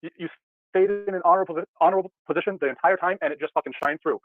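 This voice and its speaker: A man on a panel call speaks earnestly and with gratitude. He talks fast in a fairly high voice. The tinny, phone-like line makes him sound distant. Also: no room sound. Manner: grateful, earnest. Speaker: panel guest.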